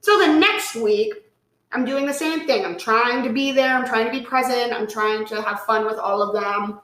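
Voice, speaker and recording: Guest, female, animated storyteller, swears freely, echoey room. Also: a little high, moderate pace. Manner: animated, swearing, lots of "like", acts out quotes. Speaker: podcast guest. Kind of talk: casual storytelling chat. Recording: roomy echo.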